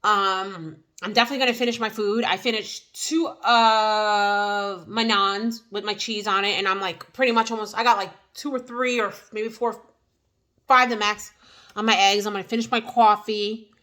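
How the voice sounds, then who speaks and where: A woman vlogger with a New Jersey accent chats casually to the camera in an eat-and-chat video, rambling with lots of fillers and restarts. Her mid-range voice is pushed and bright, her tone steady, her pace moderate.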